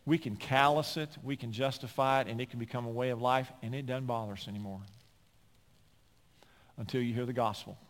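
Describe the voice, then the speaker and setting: A man preaching a sermon as a pastor, animated and climbing at times to near-shouting. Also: mid-range voice, fairly quick. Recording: long hall reverb.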